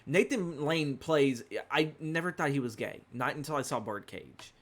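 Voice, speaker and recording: A man's voice: on the high side, expressive, normal speed, a bit bright. A man in his thirties hosting a casual film podcast, enthusiastic, often stammering and restarting his sentences. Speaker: podcast host. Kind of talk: casual podcast chat about films.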